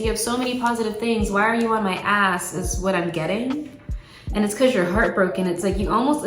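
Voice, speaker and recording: A woman giving a casual tarot reading to camera, blunt and chatty, swearing freely and talking with lots of fillers. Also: medium pitch. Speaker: tarot card reader. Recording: roomy echo with faint music.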